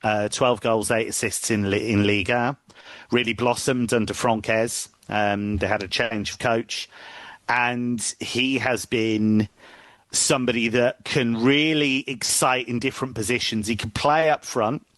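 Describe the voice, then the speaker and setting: A man giving a measured, knowledgeable breakdown of a player as a football pundit on sports radio. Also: mid-range voice, steady tone, fairly bright tone, dry recording.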